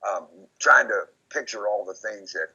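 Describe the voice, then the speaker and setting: A man being interviewed, rambling and repeating himself as he recounts memories, often quoting others in lively put-on voices. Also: lowish voice, moderate pace, breathy edge. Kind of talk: casual recorded conversation. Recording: dull lo-fi recording.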